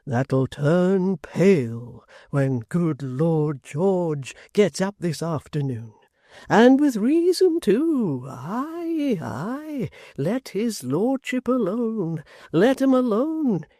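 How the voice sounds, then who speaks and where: A quavering old man drawls his words slowly, mumbling and chuckling as he hints at what he knows, as an audiobook narrator puts him on. The voice sits high and thin, swinging widely in pitch, with a mellow, dry close sound. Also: big pitch swings, no echo. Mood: knowing. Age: older. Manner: slow, mumbling, knowing.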